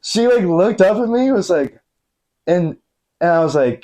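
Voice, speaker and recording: In a slightly high, sing-song, mellow voice, a man in his thirties speaks a bit slowly and leaves long pauses. He's a podcast guest telling a funny story in casual living-room chat, often laughing and full of fillers.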